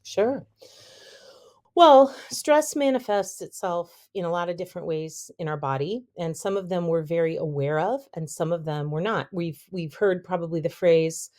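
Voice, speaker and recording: Her voice is on the low side and somewhat dark, moving at a moderate pace. As a guest on a podcast, this vocal health expert walks through speaking habits, acting out voices to illustrate them and asking "okay?" again and again.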